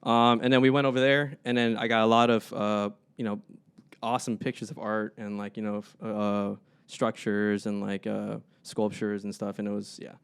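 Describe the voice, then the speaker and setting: A man's voice: fairly low pitch, moderate pace, creaky, clean tone. A young man, a podcast co-host, telling stories in a casual chat and acting out the people in them. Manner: animated, acts out people in his stories.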